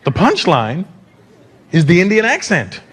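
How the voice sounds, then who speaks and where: On a theater stage, a man in his fifties from Canada performs stand-up, telling brash, profane stories unhurriedly in a high voice with huge pitch swings. Background noise, a loud crowd, audience laughter and applause all come through the live stage mic.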